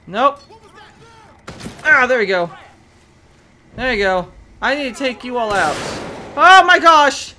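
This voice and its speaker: A woman casually commenting as she plays a video game, chatty and excitable, shrieking at sudden scares and coaxing a pet in baby talk. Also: on the high side, takes it slowly, long pauses, a little hiss or hum. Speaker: gaming video host. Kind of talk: casual let's-play commentary.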